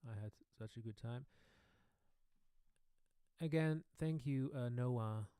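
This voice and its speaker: A man hosting a casual live-stream Q&A, chatting with viewers in slightly non-native English and often trailing off softly. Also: medium pitch, slow, clean tone, dry recording. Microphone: studio microphone.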